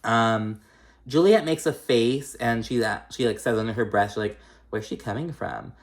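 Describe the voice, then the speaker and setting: A man's voice: mid-range voice, moderate pace. Male recapper, casual and shady, swears freely, loose and filler-heavy delivery. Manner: chatty, profane, shady, full of fillers. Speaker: reality TV recapper.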